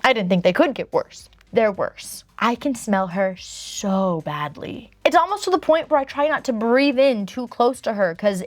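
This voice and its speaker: A woman hosting a channel, reading online posts aloud and reacting with animated, dramatic commentary. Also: fairly high pitch, normal speed, hardly any pauses, no echo.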